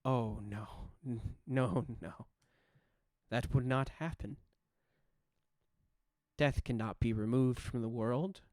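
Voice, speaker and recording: A man voicing an ancient female spirit bear guardian with a low, growling, grandmotherly voice, speaking slowly and formally. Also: steady tone, a little mellow, no room sound, clean studio sound, natural voice. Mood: solemn. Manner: slow, formal and solemn.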